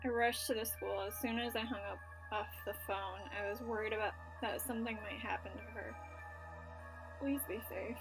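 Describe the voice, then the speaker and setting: A woman's voice: mid-range voice, fairly even intonation, normal speed, over music. A woman playing a story game, reading its narration aloud and reacting casually, with filler words and swearing. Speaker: let's play gamer.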